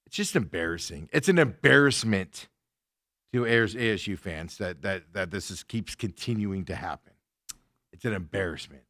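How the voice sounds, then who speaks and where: Man, sports talk host, casual rant, lively swooping pitch, dry close sound. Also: moderate pace, no room sound. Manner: animated, mocking impressions, laughs often.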